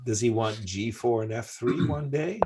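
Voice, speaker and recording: An older man commenting on chess, telling animated anecdotes with laughing asides in a casual way. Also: mid-range voice, normal speed, noisy background.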